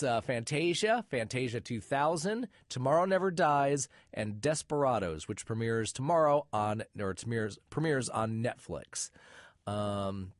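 A middle-aged man hosts a podcast and reads listener messages aloud, adding wry little asides between them. His pitch swings in a lively way. The recording is dry and close, with no room sound. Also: no echo. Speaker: podcast host.

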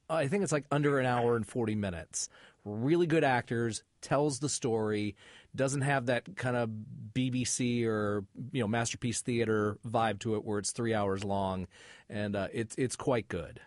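Host: a man, mid-pitched, dry close sound, easy conversational questions. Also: unhurried, no room sound. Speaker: podcast host. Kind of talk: casual interview.

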